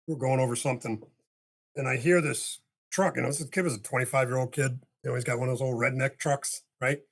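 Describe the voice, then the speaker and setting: An older man, a podcast guest, telling a long story in casual talk and acting out the dialogue with a husky voice. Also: medium pitch, fast. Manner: animated storyteller, acts out dialogue, swears casually.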